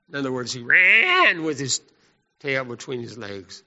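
A man preaching a sermon in an animated, folksy style. His voice is gravelly and bright. It echoes through a church hall on a muffled recording. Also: medium pitch, a little slow.

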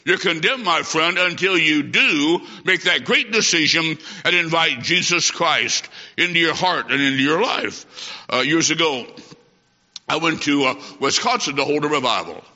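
A man from Illinois preaches a sermon in a folksy, emphatic storytelling way, his slightly high voice sharp and forceful. He is recorded in a church, where a long reverb trails his words. The sound is dull and lo-fi. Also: normal speed. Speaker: traveling evangelist preacher. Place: church sanctuary.

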